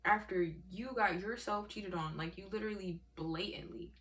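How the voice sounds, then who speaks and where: A woman's voice: medium pitch, moderate pace, fairly bright tone, slight background noise. A woman ranting in a vlog, profane, heated and exasperated as she tells her story. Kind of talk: emotional rant vlog.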